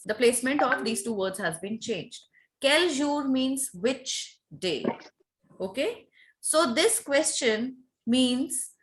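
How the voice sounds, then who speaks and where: A woman leads an online French lesson, slightly high in pitch. She speaks slowly and patiently, repeating words to drill pronunciation. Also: lively intonation. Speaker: French teacher. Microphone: video call.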